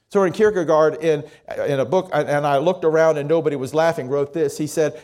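A man preaching a sermon as pastor, talking in a conversational, lively storytelling way. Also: a little high, a little fast, hardly any pauses.

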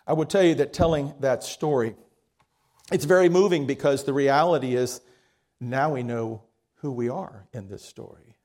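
A man's voice: mid-range voice, moderate pace, a little mellow. A man preaching a sermon, telling a story in a folksy way and acting out its dialogue with frequent restarts.

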